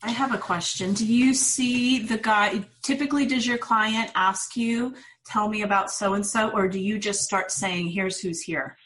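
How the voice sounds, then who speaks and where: A woman co-host joins a casual conversation and adds her own comments and questions. She speaks at an ordinary, mid-range pitch. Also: fairly even intonation, unhurried, few pauses, a bit bright, rough recording. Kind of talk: casual chat.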